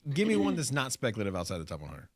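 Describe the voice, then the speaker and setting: A man co-hosting a casual crypto talk show, animated and rambling with restarts and fillers. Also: medium pitch, very fast, slightly rough, no echo, studio quality. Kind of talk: casual chat.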